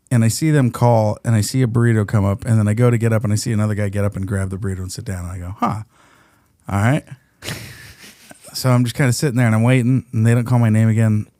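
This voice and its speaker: A man's voice: fairly low pitch, dark tone, smooth, dry recording, studio quality. A man hosting a podcast, telling a story in casual chat, acting out quotes and laughing often. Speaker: podcast host.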